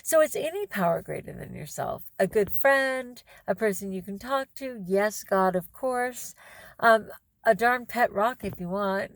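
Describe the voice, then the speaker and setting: A middle-aged woman vlogging to camera in a casual, animated and effusive way. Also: mid-range voice, unhurried, no echo.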